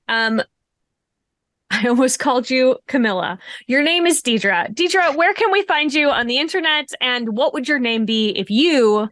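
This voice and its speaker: A woman's voice: high-pitched, lively intonation, unhurried, fairly bright tone, no room sound, studio quality. A woman hosting as game master of a streamed tabletop game, chatting in a bubbly way and laughing often. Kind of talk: casual chat at the end of a streamed tabletop game.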